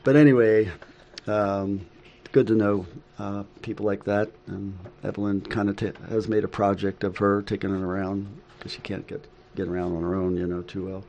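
A middle-aged man co-hosting a casual faith talk, halting, with frequent ums and chuckles. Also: on the low side, level tone, gravelly, a little mellow, slight background noise. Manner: halting, with many ums and laughs. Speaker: co-host.

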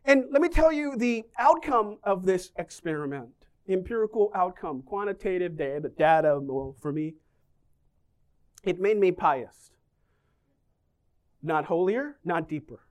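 A man's voice: high-pitched, animated, unhurried. A man preaching a sermon, joking and asking the congregation questions as he talks. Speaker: pastor.

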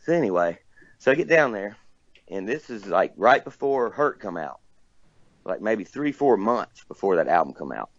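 A low-voiced man spins a loose, rambling story, his pitch swinging widely as he goes. He cusses freely and breaks into laughter along the way. The sound is dry and a little dull, like a lo-fi recording. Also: sing-song, moderate pace, no room sound. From Tennessee, near Nashville. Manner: rambling, cussing, laughs often. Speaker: guest telling a story. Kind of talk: casual storytelling.

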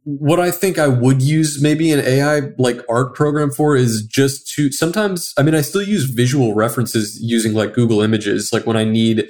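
A man's voice: mid-range voice, moderate pace, hardly any pauses, a little mellow. A young adult man who is a guest comic artist, chatting casually on a podcast and rambling with a lot of filler words.

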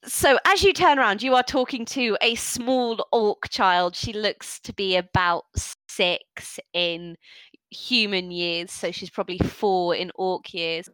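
A woman narrating a tabletop game as game master, in a relaxed, chatty way. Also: medium pitch, takes it slowly, no echo, low-quality recording. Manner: relaxed, chatty, laughs easily.

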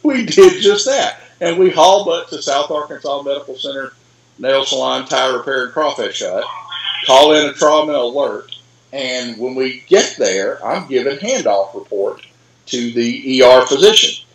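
A man with a gravelly, mid-pitched voice tells a wry story from his work as a paramedic. He talks casually and animatedly, his sentences full of fillers and restarts. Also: animated, a little slow, slight background noise, poor audio. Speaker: paramedic guest.

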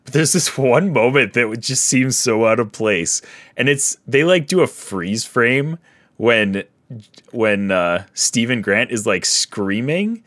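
A man's voice: medium pitch, lively intonation, takes it slowly, fairly bright tone, no room sound, clean studio sound. A young man co-hosting a podcast, reviewing a show in a rambling, filler-heavy casual chat. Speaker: podcast co-host.

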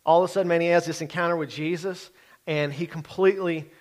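A middle-aged pastor with a slightly high, steady voice preaches quickly and conversationally, regularly checking in with his congregation.

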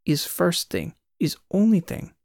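Brief: narrator putting on a jumpy Eastern European station guide, higher voice, broken English, urgent hush. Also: male voice, very animated, a little slow, creaky, dry recording, studio quality, heavily acted. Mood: urgent secretive. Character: nervous secretive male station guide.

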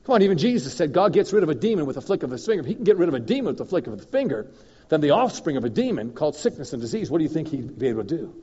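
A man preaching as a guest minister, telling a story in an animated way that swings from loud and emphatic to low and confiding. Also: rapid-fire, breathy edge. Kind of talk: storytelling sermon. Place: church hall. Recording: dull recording in a reverberant hall.

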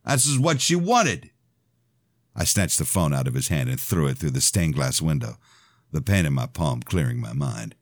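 A man narrating his own novel aloud in an expressive first-person telling. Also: very deep voice, moderate pace, no room sound, studio quality. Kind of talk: audiobook-style fiction reading.

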